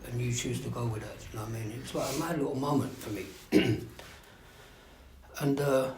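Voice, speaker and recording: A man's voice: medium pitch, moderate pace, darkish tone. Frank man sharing in an echoey room. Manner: rambling, frank, swears, keeps asking "do you know what I mean". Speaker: speaker sharing at a recovery meeting. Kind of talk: candid personal share. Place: meeting room. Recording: echoey room with faint background noise.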